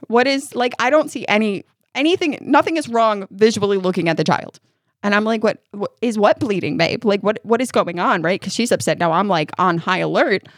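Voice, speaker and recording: A woman's voice: mid-range voice, no echo, studio quality. A woman co-hosting a podcast, chatting casually, laughing often and telling stories with animation. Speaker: podcast co-host. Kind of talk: casual chat.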